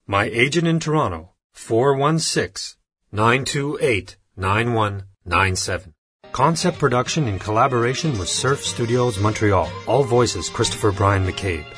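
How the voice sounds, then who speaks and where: A man delivers punchy commercial reads in a mid-range voice, over faint music. His pace is even and his tone stays plain and clear. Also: mid-range voice, a little slow, dry recording. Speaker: voice actor demo reel. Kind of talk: announcer and character voices.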